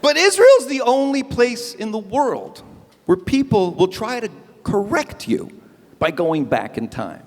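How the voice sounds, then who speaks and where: Man, stand-up host on a live stage: quick wisecracks, very animated melody. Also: high-pitched, long reverb tail. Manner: animated, wisecracking, punchy delivery. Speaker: stand-up comedian hosting an event. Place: event stage before a live audience.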